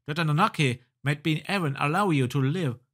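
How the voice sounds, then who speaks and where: A man's voice: a little high, normal speed, a bit bright. A man voicing a bossy, threatening male spy from a video game.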